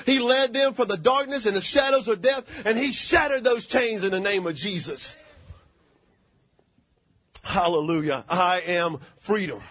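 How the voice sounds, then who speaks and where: A man's voice: very high voice, animated, normal speed, hardly any pauses, a bit bright, no room sound, highs cut off. A man preaching a fervent sermon and calling for amens.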